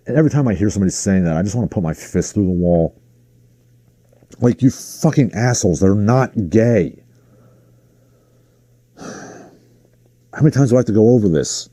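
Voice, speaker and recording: A man hosting his own livestream, ranting in casual commentary with a sarcastic, exasperated edge. His voice is lowish and very dark and mellow. The sound is dry and close, with no room around it. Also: lively intonation, normal speed, pauses often, no echo. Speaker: livestream host.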